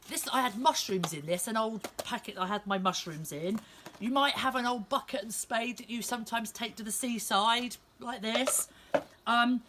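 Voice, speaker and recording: A woman leading a lively outdoor nature lesson for young children in a small back garden, speaking straight to them in a sing-song way. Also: on the high side. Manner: animated, sing-song, talks directly to kids.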